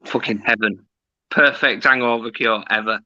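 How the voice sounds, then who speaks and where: A man from the north of England chatting casually as co-host, easygoing and quick to laugh. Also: mid-range voice, steady tone, bright, forceful tone, no echo. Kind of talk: casual chat. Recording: muffled lo-fi audio.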